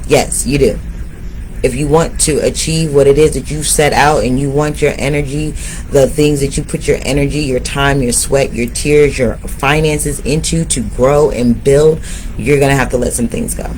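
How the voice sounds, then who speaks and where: A man reads tarot for his audience in an encouraging, preaching way, talking straight to them. His voice sits at a middle pitch. A faint hiss of noise runs under the recording. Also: steady tone, moderate pace, a little mellow, poor audio. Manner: motivational, addresses viewers directly. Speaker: tarot reader. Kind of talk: spiritual tarot reading to viewers.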